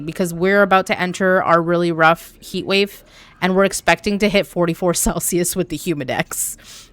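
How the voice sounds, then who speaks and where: A young woman from Canada chatting casually on a live stream while gaming, talking to her chat with an animated, swearing manner. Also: on the low side, smooth, dry recording. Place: home room.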